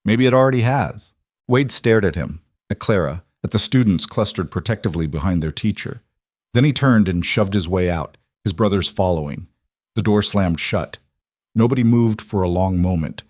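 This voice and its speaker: A male narrator reading a dramatic scripted story in a measured way. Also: sits low, lively intonation, darkish tone, no echo, clean studio sound.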